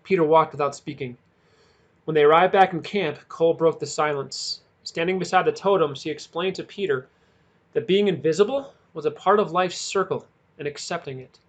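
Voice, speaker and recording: A man reads a novel aloud in a measured way, leaning into the dramatic moments. His voice sits a little above the usual pitch for a man, and he keeps a steady storytelling pace. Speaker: audiobook reader.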